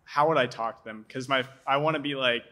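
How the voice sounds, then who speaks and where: A man's voice: mid-range voice, fast, sharp tone. A young male student asking a speaker a question at an audience microphone, hesitant and full of "like" fillers. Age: young adult.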